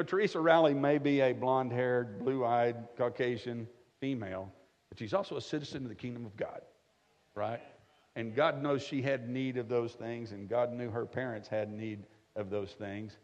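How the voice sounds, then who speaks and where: A man's voice: mid-range voice, moderate pace. A middle-aged man preaching a conversational sermon with folksy jokes, often checking in with his listeners by asking "right?". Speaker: pastor. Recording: echoey hall, slightly dull sound.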